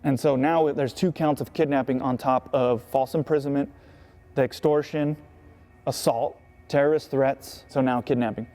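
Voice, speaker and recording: Casual, profane man with a mellow voice. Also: medium pitch, fairly even intonation, moderate pace. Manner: casual, profane, peppered with "right?" and "you know". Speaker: skateboarder. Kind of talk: recounting his past in an interview.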